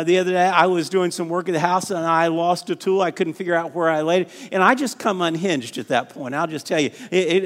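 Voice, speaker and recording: A middle-aged man preaching a sermon as a pastor, often repeating words and calling on the congregation to respond. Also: high-pitched. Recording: reverberant church hall.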